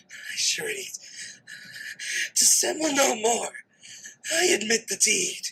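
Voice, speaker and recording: A man performing a frantic, guilt-crazed murderer in a dramatic audiobook reading, raspy and breathy, swinging between hushed whispers and shrieks. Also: extremely high pitch, exaggerated voice, rough recording. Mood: shrieking. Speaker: dramatic reader.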